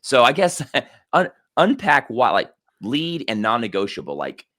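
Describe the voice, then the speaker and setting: A middle-aged man co-hosting a podcast, telling stories in a rambling, animated way with many restarts. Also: mid-range voice, unhurried. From Germany. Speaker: podcast co-host. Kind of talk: casual conversational podcast.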